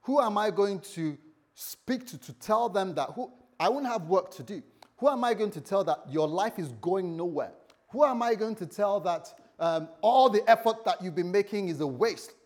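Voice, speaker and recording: A scornful, defiant tyrant king, as a male preacher acts him out, firing off mocking rhetorical questions. The voice sits a little high for a man and stays close to the preacher's own. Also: animated, normal speed.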